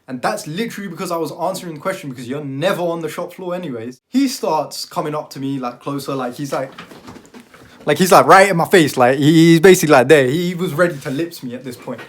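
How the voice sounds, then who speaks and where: A young man with a British accent, telling a storytime vlog in an animated, slang-filled way. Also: on the high side, fast talker. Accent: British, London slang. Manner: animated, slangy retelling with lots of "like". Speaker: vlogger.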